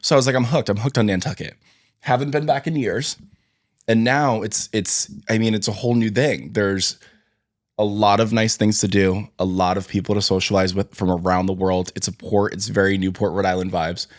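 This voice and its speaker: A young man tells stories in a playful, animated way. He co-hosts a relaxed podcast chat, recorded dry and close to the mic. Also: fairly low pitch, moderate pace, dry recording. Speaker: co-host.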